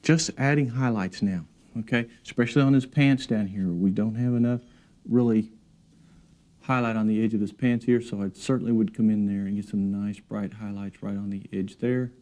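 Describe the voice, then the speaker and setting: A man giving a relaxed, encouraging painting demonstration in his studio, talking while he works. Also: fairly low pitch, normal speed. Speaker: painting instructor. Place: art studio.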